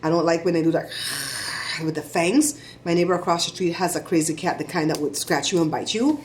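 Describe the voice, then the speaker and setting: A middle-aged woman vlogger giving chatty, animated shout-outs to her viewers. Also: on the low side, a little fast, a little hiss or hum. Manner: chatty, animated storytelling with laughs.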